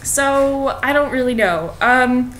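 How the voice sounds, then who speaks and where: A woman's voice: sits high, takes it slowly, fairly bright tone, a little hiss or hum. A young woman, a college student, casually reading a fairy tale aloud with sarcastic, profane asides. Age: young adult.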